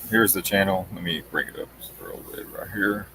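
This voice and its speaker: A male host talking offhandedly while he brings up and pauses clips on a live stream. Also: low voice, animated, creaky, noisy background. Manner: offhand, talks while working the screen. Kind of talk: casual live-stream commentary.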